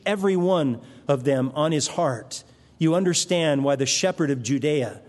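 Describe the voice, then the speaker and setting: Pastor, male, fairly high voice, emphatic sermon delivery with dramatic pauses, church hall with long echo. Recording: long reverb of a large hall.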